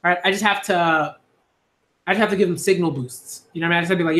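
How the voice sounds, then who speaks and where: A man's voice: high voice, racing, fairly bright tone, reverberant. A man speaking earnestly in a casual monologue, repeating himself with many fillers and restarts. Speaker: YouTube commentator.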